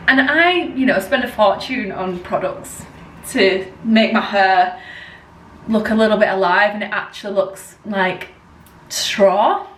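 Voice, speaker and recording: A chatty woman vlogging at home, rambling along with plenty of "like" at a middling pitch. She sits a little away from the camera, and her voice carries a roomy echo with a faint hum of background noise. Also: slow, pauses often, a bit bright, recorded from a distance. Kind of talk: casual chat to camera. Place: at home indoors. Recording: roomy sound from off-mic.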